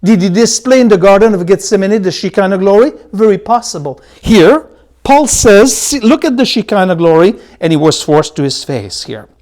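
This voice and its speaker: A man teaching a Bible study, slowing to spell and repeat key words and swinging between loud emphasis and quiet asides. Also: high-pitched, expressive.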